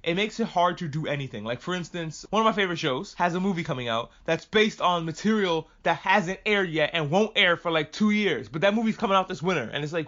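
Fast-talking profane podcast man, lo-fi. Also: a little high. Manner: profane, animated, jumps between tangents. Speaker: podcast host. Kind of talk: casual ranting recap.

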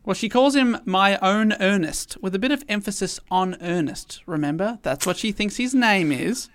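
A man co-hosting a podcast, retelling a play in casual chat with animated bursts. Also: high voice, normal speed. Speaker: podcast co-host summarizing a play.

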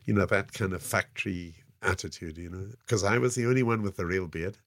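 A man's voice: low-pitched, a little fast, a bit bright, dry recording, studio quality. An older man with a South African accent, telling stories as a podcast guest in a rambling way. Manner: rambling, frequent "you know" fillers. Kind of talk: casual anecdotal storytelling.

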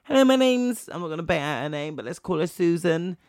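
A man's voice: on the high side, fairly even intonation, quick pace, no room sound, clean studio sound. A young man telling a story in casual chat, swearing freely and acting out both sides of a phone call.

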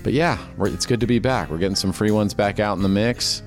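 A man's voice: fairly low pitch, fairly quick, soft background music. A man hosting a casual podcast, chatty and laid-back, telling stories with lots of fillers. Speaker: podcast host.

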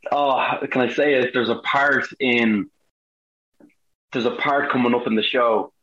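This Irish actor, a guest in a casual interview, keeps a measured pace in his mid-range voice while animatedly recounting stories and acting out the quotes. The sound is roomy, with the highs cut off.

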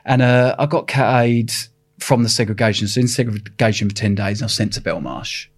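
Gravelly, husky man with an Essex accent. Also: medium pitch, a little fast. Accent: Essex English. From England. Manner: blunt, swears casually, rambling restarts. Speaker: interview guest. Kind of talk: candid storytelling interview.

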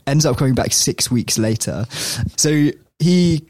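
A man's voice: medium pitch, measured pace, darkish tone, dry recording, clean studio sound. Laughing, rambling young man telling a story. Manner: rambling, laughs often, many restarts. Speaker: podcast host telling a story. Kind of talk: casual storytelling chat.

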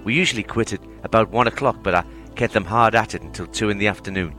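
A man reading a first-person novel aloud in a measured, steady way. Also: lowish voice, soft background music. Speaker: audiobook reader.

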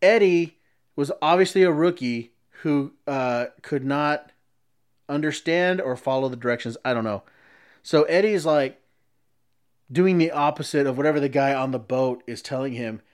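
A man's voice: on the high side, normal speed, clear, resonant tone. A man casually telling a long story, often restarting sentences as he explains.

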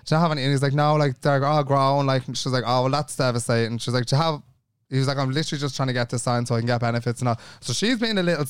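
A man's voice: medium pitch, racing, clear, resonant tone, no room sound, studio quality. A young Irish man co-hosting a podcast, telling a long story in casual chat, acting out the people in it and swearing freely. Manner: animated, acts out every voice in his story, swears freely. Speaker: podcast co-host.

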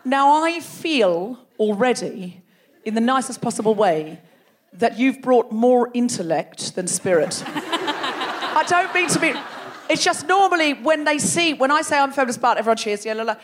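A woman with a high, bright voice hosts a live comedy show from a theatre stage. She teases the crowd playfully and keeps laughing through her lines. Her delivery is quick, loose stand-up banter into a stage mic. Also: expressive, background noise. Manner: playful, teasing, laughing often. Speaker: comedy podcast host. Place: large theatre before a live audience.

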